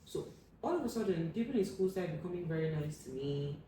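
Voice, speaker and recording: A young woman tells her story as an interview guest, slipping into quoted voices that jump loud and high. Her tone is mellow and dark. She sits back from the mic in a very echoey room with a faint hum behind her. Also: a little fast, far from the mic. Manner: animated, acts out quoted voices with sudden loud high bursts.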